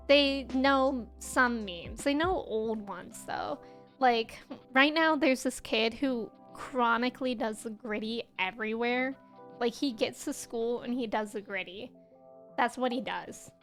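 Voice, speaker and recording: A young woman in her twenties streams a game, her voice high and a little bright. She chats casually with viewers, laughs a lot, and reads the chat out loud.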